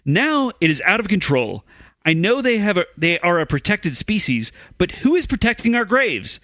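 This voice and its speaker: Aggrieved English mourner, put-on accent, lively rising pitch, dry sound, done by a man. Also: dry recording, exaggerated voice. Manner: put-on English accent, slow, indignant reading.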